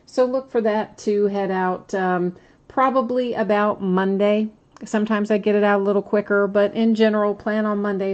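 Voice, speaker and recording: A woman's voice: mid-range voice, a little mellow. A woman hosting a live stream, chatting casually and explaining shipping details at length, laughing at herself now and then. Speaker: live stream card break host.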